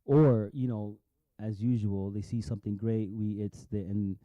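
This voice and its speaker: A man's voice: on the low side, fairly even intonation, normal speed, dark tone, no echo. A man commenting casually on video clips, rambling, swearing, and repeating words as he goes. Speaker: vlogger.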